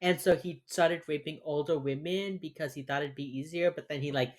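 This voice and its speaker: A man's voice: fairly high pitch, steady tone, brisk. A man co-hosting a podcast, tipsy and ranting with heavy sarcasm and casual swearing while recapping a TV episode. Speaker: podcast co-host.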